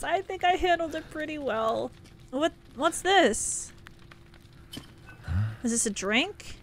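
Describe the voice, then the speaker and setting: A woman streaming herself playing a horror game, giving excitable live commentary and shrieking and shouting at enemies. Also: high voice, slow pace, pauses often. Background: game music.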